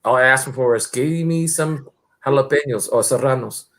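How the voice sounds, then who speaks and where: American guy rambling along slow and halting, gravelly fry in his voice. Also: medium pitch, fairly bright tone. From United States. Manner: meandering, halting with many uhs. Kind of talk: casual chat.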